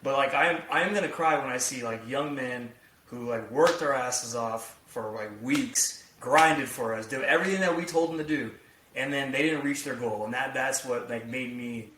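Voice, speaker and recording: A man's voice: medium pitch, normal speed, fairly bright tone, slight background noise. Rambling man in an echoey room. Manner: rambling, many fillers like "like" and "you know". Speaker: podcast co-host and youth coach. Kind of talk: casual chat. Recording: echoey room, distant from the mic.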